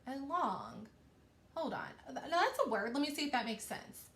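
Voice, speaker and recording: A woman teacher giving a recorded reading lesson to young children, talking slowly and encouragingly. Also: sits high, lively intonation. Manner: slow, patient, encouraging teacher talk. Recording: echoey room.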